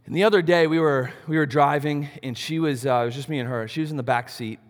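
A man preaching a sermon, animated, asking rhetorical questions and swinging between loud and soft. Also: fairly high pitch, fast talker. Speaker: pastor. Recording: long reverb of a large hall.

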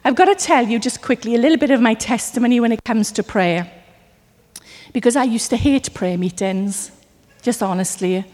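A woman from Wales preaching a sermon, telling stories with lively acted asides. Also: fairly high pitch, normal speed, big-room sound. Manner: animated storytelling with acted asides.

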